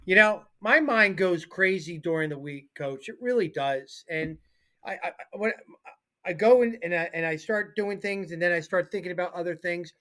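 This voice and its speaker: A man in his forties co-hosting a sports talk show, telling rambling, self-deprecating stories in an excitable, casual way. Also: high voice, moderate pace. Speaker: co-host and football coach.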